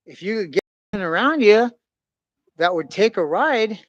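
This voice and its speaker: Young male podcast host, a bit high-pitched, excitable and crude, swings loud to soft, dead dry mic. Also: a little slow, no room sound, dull audio. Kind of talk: casual storytelling chat.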